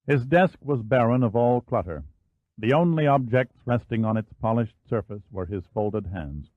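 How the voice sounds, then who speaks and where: Scripted thriller narration comes from a man speaking in a steady, measured way with a mid-range voice. There's no echo, and the audio has a dry, phone-like narrow band.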